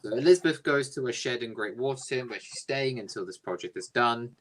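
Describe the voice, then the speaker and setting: A man's voice: mid-range voice, brisk, a little hiss or hum. A man casually improvising a jokey story, rambling and swearing freely.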